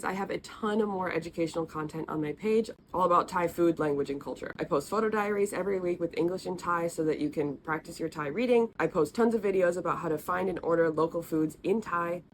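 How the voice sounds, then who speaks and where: A woman teaching the letters and sounds of an alphabet in a friendly, patient way, repeating each sound slowly. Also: on the low side, a little hiss or hum. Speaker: language teacher. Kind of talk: explaining, recorded lesson.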